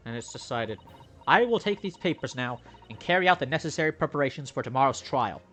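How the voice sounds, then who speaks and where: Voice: mid-range voice, expressive, quick pace, a bit bright. A player voicing an earnest young law student, sincere and formal as he makes his promises. His delivery moves up and down with feeling, over faint music.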